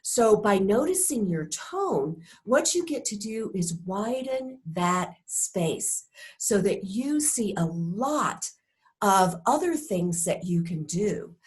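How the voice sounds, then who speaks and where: A woman instructs in a recorded course, her pace slow and measured. She talks in a reflective way and often stops to ask the listener questions. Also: mid-range voice.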